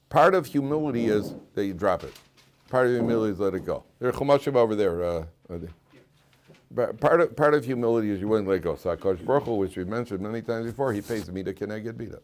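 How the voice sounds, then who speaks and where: A rabbi speaks animatedly and quickly in a voice on the low side. At his weekly Torah class he lectures informally and jokingly, as if chatting, with frequent repetitions and restarts.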